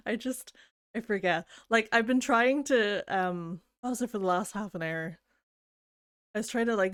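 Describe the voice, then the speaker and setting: A woman's voice: on the high side, clear, resonant tone, dry recording. Chatty woman streamer, dry close sound. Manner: rambling, self-deprecating, giggly. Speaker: game streamer. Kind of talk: casual chat.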